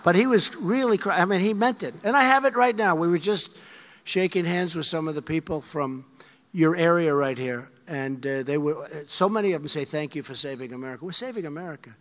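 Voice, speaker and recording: In a large hall before an audience, a man in his seventies delivers a rambling, emphatic rally speech, repeating his phrases. His voice is fairly high, a little fast, and a bit bright. The recording has a long hall reverb with a faint crowd behind him.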